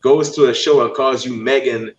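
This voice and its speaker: A man's voice: medium pitch, steady tone, normal speed. A man hosting an interview show, casual and playful, cracking jokes with the guest. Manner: joking, playful. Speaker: host. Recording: roomy, dull, slightly noisy.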